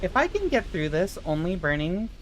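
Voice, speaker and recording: Expressive woman streamer, lively pitch. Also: normal speed, slight background noise. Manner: expressive, swearing, animated outbursts. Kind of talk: casual livestream chat.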